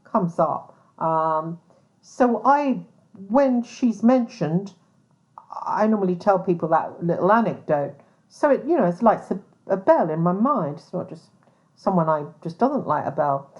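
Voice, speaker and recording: A woman's voice: fairly low pitch, animated, unhurried, a little mellow. A woman hosting a podcast, talking bluntly in a casual monologue, with lots of swearing, "um"s and restarts. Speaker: podcast host, private investigator. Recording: dull lo-fi sound.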